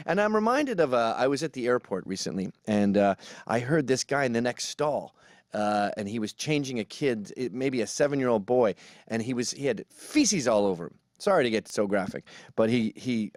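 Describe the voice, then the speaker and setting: Animated, mocking male commentator. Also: mid-range voice, brisk, no room sound, clean studio sound. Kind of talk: sarcastic comedic commentary. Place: New York.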